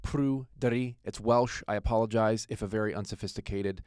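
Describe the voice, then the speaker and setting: A man's voice: lowish voice, flat delivery, a little fast, darkish tone, dry recording, studio quality. An American man introducing his podcast as host, in a casual, self-deprecating way with joking asides and frequent fillers.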